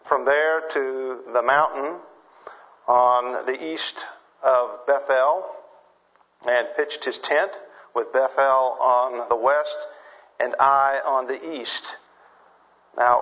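A man preaching a sermon, reading scripture and then praying in a slow, measured way. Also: mid-range voice, dull audio. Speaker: pastor.

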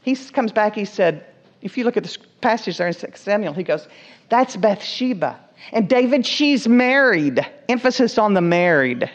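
Animated woman preaching a sermon. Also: mid-range voice, normal speed. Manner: animated, acts out the characters' lines, asks the listeners questions. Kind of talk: sermon storytelling. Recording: dull lo-fi recording.

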